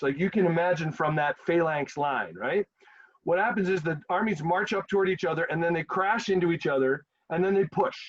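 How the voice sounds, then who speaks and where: Animated male history teacher, lo-fi. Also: sits high. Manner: animated, acts out quotes in a casual voice. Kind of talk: storytelling history lecture. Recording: dull lo-fi sound.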